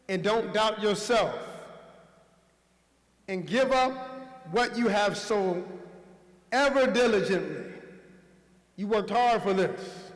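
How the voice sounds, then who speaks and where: A man on staff at a school, giving a commencement speech with call-and-response chants and a rousing, preacher-like rhythm full of repetition. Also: sits high. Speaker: school staff speaker at a graduation. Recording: echoey hall with long reverb.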